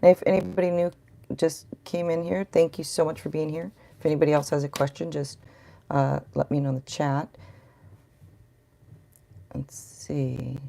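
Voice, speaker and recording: Deep gravelly-voiced woman reading tarot. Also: little pitch movement, a little fast, warm tone. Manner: chatty, rambling, talks to viewers in chat. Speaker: tarot reader. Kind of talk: live-stream tarot reading.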